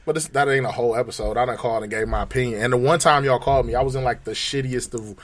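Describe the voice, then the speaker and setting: A man's voice: mid-range voice, fairly even intonation, rapid-fire. A man co-hosting a podcast, telling loose, profane stories full of quoted voices in casual chat. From Wisconsin. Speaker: podcast co-host.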